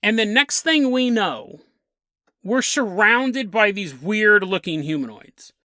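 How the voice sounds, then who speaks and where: A man voicing a shaken sailor telling what happened to him in a plain, hurried way, close to his own voice. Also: high-pitched, animated, bright, forceful tone, no echo, exaggerated voice. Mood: recounting. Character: shaken male sailor recounting his ordeal.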